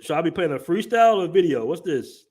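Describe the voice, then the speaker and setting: A man's voice: on the high side, expressive, quick pace, a little mellow. A man hosting a casual livestream, reading chat comments aloud and laughing through his commentary. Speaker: livestream host.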